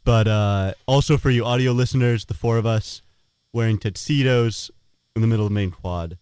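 A man's voice: lowish voice, normal speed, a little mellow, smooth, no echo. A man in his twenties from Portland, Oregon, introducing himself on a student radio show in a dry, matter-of-fact way. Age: 20s. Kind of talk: casual chat.

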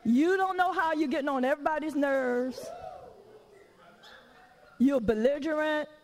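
A woman preaching a candid, conversational sermon, lively and laughing, with frequent rhetorical questions to the congregation. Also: high-pitched, brisk, big-room sound, rough recording.

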